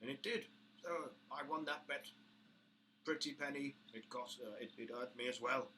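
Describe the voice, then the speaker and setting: A booming, high-pitched half-orc crime boss with a British accent, as a man puts him on, pompous and quick to threaten. The voice is bright and cutting over a faint hiss. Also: close to an everyday voice. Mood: menacing.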